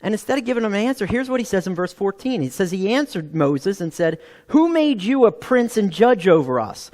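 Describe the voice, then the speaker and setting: A man preaching a sermon as pastor, animated, acting out quoted voices and asking rhetorical questions. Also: high-pitched, fairly quick. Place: church sanctuary. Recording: long reverb of a hall.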